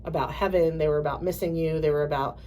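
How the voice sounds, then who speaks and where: A woman co-hosting a podcast, telling stories in a halting way with many restarts and acting out quoted voices. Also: low-pitched, a little hiss or hum. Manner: animated storyteller, acts out quoted voices. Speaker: podcast co-host. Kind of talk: casual chat.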